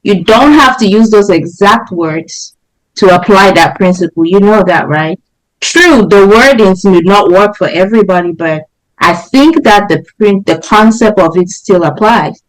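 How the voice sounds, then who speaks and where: A woman's voice: medium pitch, a little slow, poor audio. A woman in a casual podcast discussion who questions and pushes back on the others.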